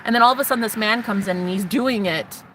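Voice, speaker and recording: A woman's voice: medium pitch, quick pace, a bit bright, slight background noise. A woman talking to her viewers in a casual vlog, candid and profane, rambling emotionally and often restarting her sentences. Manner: self-interrupting, restarts often. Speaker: vlogger. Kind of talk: casual spiritual vlog monologue.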